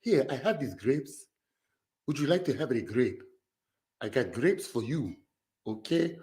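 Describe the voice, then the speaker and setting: A man doing a soft-spoken grape seller. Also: medium pitch, big pitch swings, a little slow, pitched below the performer's own voice. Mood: coaxing. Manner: gentle, coaxing, quiet.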